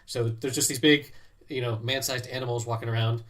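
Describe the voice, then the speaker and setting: A man's voice: mid-range voice, fairly even intonation, a little fast, fairly bright tone. Chatty man hosting a podcast. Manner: chatty, rambling, many restarts. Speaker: podcast host. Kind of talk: casual chat.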